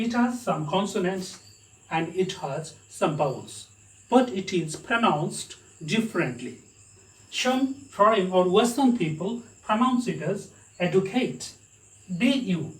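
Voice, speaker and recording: A man with an Indian English accent teaching an English lesson. He spells words out letter by letter and checks with his students as he goes. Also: sits high. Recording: echoey room, mic at a distance.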